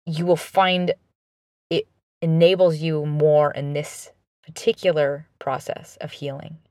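A woman's voice: low voice, darkish tone, clear, resonant tone, dry recording, studio quality. A woman speaking earnestly and encouragingly straight to the listener in an advice monologue, with frequent restarts and fillers.

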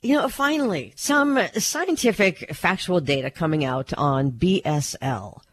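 A woman's voice: sits low, expressive, measured pace. A woman co-host on a radio show, friendly, previewing the news segment.

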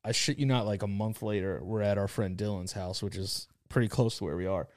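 A man's voice: on the low side, steady tone, fairly quick. A man co-hosting a podcast, telling stories in a loose, profane, casual way. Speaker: podcast co-host. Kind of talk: casual chat.

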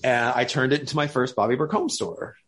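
A man telling the story of his early business in a casual, animated way, often acting out what people said. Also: medium pitch, breathy edge. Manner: animated, quick to act out voices.

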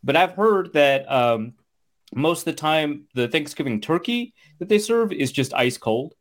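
A man's voice: a little high, animated, unhurried. A man co-hosting a sports podcast in casual chat, rambling with fillers and restarts and acting out quotes. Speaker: podcast co-host.

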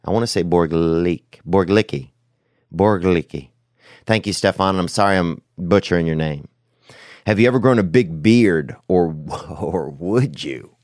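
A man hosting a podcast, telling rambling, profane, slangy stories with sudden loud bursts. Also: low-pitched, no room sound, clean studio sound. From United States. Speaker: podcast host. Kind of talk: casual podcast storytelling.

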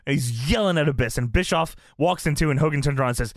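Creaky, lively man in a dry room. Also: on the high side, quick pace, no echo. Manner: laughing, retells scenes in a mocking gruff voice. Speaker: podcast co-host. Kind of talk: casual chat recapping wrestling.

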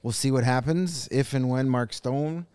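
A man co-hosting a sports podcast, talking in an easy, analytical way with plenty of restarts. His voice is clear and smooth, with a medium pitch. The sound is dry, with no room around it. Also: a little slow, a little mellow, dry recording. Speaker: podcast co-host. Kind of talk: casual sports chat.

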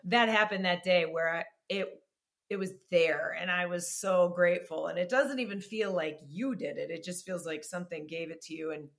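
A middle-aged actress telling stories in a casual interview, animated and self-deprecating, laughing often. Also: female voice, on the low side, moderate pace. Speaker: actress and guest.

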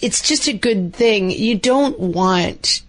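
A woman's voice: medium pitch, animated, slow pace. A middle-aged woman co-hosting a podcast, talking casually with many "like" fillers and acting out quoted dialogue. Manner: chatty, lots of "like" fillers, acts out quoted dialogue. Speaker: podcast co-host. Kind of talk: casual chat.

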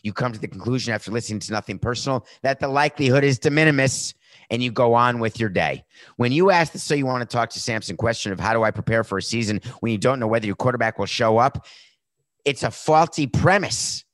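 A man's voice: mid-range voice, animated, fast, fairly bright tone, dry recording. A middle-aged man hosting a sports talk show, giving a brash, sarcastic monologue with a tired, sore voice. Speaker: podcast host.

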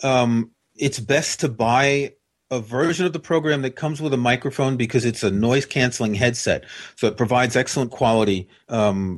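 Methodical American man explaining. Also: mid-range voice. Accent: General American. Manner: methodical, patient, explains step by step. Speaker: guest expert. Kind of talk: explanatory interview answers.

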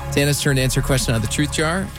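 A man's voice: on the high side, rapid-fire, music in the background. A man hosting a radio segment, reading out questions and reacting to a story with playful teasing. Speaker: radio host. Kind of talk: casual radio chat.

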